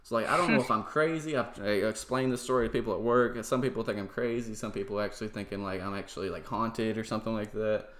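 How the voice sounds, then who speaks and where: A man's voice: fairly low pitch, quick pace, hardly any pauses, fairly bright tone. A young man hosting a podcast, telling a story in casual chat with lots of "like" and "dude" and some swearing. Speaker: podcast host.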